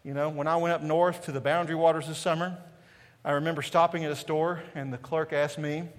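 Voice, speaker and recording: This East Tennessee pastor speaks with a Southern Appalachian accent, his voice on the high side and a bit fast, his delivery flat. He preaches conversationally in a large church sanctuary, leaning on rhetorical questions and repeated "right?"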